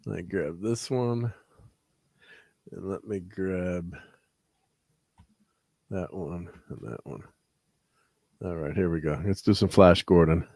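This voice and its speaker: A man's voice: sits low, slow pace, pauses often, darkish tone, no echo. A middle-aged man hosting a casual livestream chat, laid-back and chuckling often. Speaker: host.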